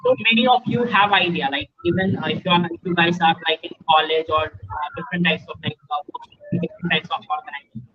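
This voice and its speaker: A man speaking with an Indian English accent as a guest speaker in a webinar for students, talking haltingly with many fillers and restarts, often checking in with "okay". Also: on the high side, a little hiss or hum. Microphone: video call. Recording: muffled lo-fi call audio.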